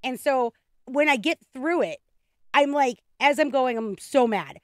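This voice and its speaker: A woman streaming a video game, chatting casually in an excitable, rambling way with frequent restarts. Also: high-pitched, unhurried, no echo. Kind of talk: casual game livestream chat.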